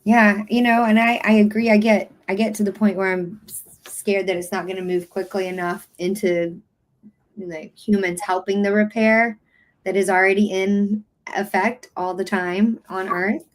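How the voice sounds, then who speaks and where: A woman's voice: mid-range voice, steady tone, moderate pace. A woman co-hosting a casual livestream chat, talking in a reflective, agreeing way. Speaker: podcast co-host.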